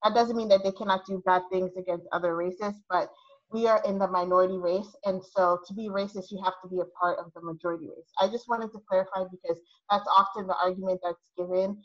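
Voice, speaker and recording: Woman, diversity practitioner, precise, corrective tone, mid-pitched, slightly muffled sound. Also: steady tone, fast talker. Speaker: diversity practitioner and panel guest. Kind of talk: casual panel discussion.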